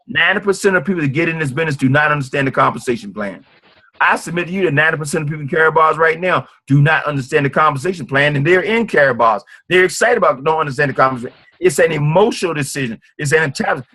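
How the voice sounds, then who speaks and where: A man's voice: on the high side, fast, sharp tone. A man giving a motivational sales presentation at a business meeting, emphatic and repetitive. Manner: emphatic and repetitive, preacher-like drive.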